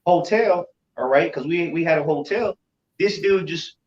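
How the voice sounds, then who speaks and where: A man telling a story in casual chat, animated, repeating himself and swearing freely. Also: on the high side, normal speed. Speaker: religious group member. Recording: roomy, distant, dull sound.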